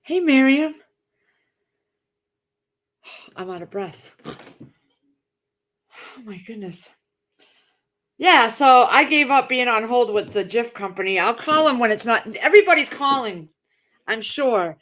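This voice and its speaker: Woman doing a casual home livestream, kinda high voice, rambly, keeps saying hi to viewers. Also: expressive, slow, long pauses, a bit bright. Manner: chatty and rambling, greets viewers by name. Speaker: livestream host.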